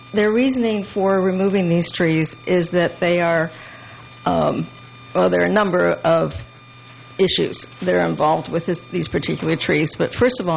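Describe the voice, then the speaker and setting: A woman council member giving a halting report at a public meeting, with many fillers and restarts. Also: fairly low pitch, vocal fry. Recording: muffled meeting room audio with hum.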